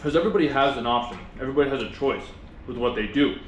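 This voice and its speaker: A man talks quickly through a casual motivational vlog, chewing and speaking with his mouth full. His delivery is earnest and rambling, full of restarts, at an ordinary pitch. The room is echoey, with faint background noise. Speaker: vlogger.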